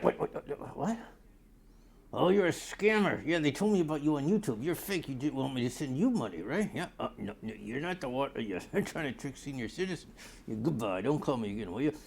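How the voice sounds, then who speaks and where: Gravelly blustery older man ranting. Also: on the high side, a little mellow. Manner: rambling, blustery, easily sidetracked. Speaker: comedy character newscaster. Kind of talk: improvised comedic monologue.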